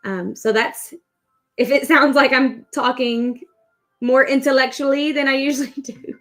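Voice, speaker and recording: A woman's voice: high voice, steady tone, a little slow, fairly bright tone, soft background music. A woman in her thirties hosting a crochet livestream, chatting in a rambling, upbeat way while she works. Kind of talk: casual chat while crocheting.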